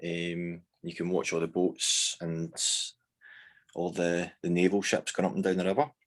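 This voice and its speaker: A man's voice: low voice, little pitch movement, measured pace. A man with a Scottish accent, a band member chatting casually in an interview, rambling with many fillers and restarts. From Scotland.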